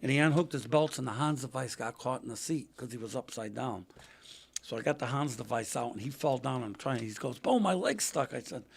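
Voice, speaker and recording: An older man, a podcast guest telling racing stories in a casual, animated way, acting out quotes in a raised voice. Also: mid-range voice, fairly quick, creaky, slightly rough. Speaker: podcast guest, retired race car driver. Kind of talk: casual storytelling interview.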